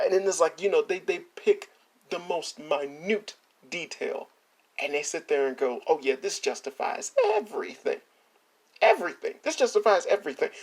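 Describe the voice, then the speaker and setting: Male reaction host with a gravelly voice, exasperated and mocking, swears freely. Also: fairly high pitch. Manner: exasperated, profane and mocking, with frequent laughs. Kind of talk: ranting reaction commentary.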